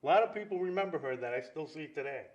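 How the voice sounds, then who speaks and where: A man, telling lively neighborhood stories in a casual chat. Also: on the high side, fast talker, highs cut off. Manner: lively storyteller, acts out quoted dialogue. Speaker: guest storyteller.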